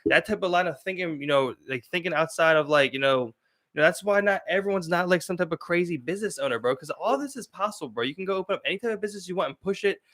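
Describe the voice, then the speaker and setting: A man from Baltimore with a local accent, co-hosting a podcast, talking in halting casual chat and tagging "bro" onto lines. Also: sits high, lively intonation, a bit bright. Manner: cuts in, repeats "listen" and "bro", halting. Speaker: podcast co-host.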